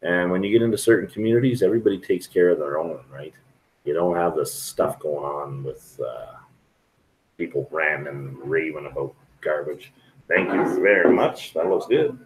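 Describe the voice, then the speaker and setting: Deep-voiced man chatting on a live stream. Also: moderate pace, low-quality recording. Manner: rambling, frank, chatty with viewers. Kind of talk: casual live stream chat. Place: restaurant.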